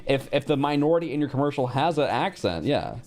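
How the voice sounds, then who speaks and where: A man chatting casually on a livestream, blunt and profane, quick to react. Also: medium pitch, big pitch swings, darkish tone, faint music behind. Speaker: streamer.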